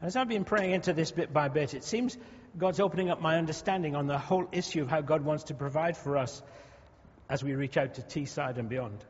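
A pastor preaches a sermon in a conversational style, tossing humorous asides to the congregation. His fairly high voice is slightly rough and a little fast. The sound is dull and lo-fi, captured in a reverberant hall.

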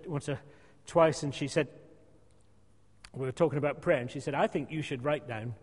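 A man preaching a sermon in a church, emphatic and repetitive, sometimes dropping to a soft hush. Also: fairly high pitch. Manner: emphatic, repeats phrases, drops to a soft hush. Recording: long hall reverb.

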